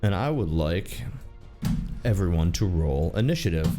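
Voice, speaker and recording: Guy dming a tabletop game, lowish voice, playful storytelling, soft music under it. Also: lively intonation, unhurried. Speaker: dungeon master.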